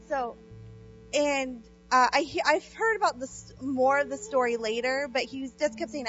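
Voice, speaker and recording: A woman telling a personal faith story in an animated way, acting out quoted speech and using many fillers. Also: high-pitched, normal speed, highs cut off, faint music behind. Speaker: guest sharing a faith testimony.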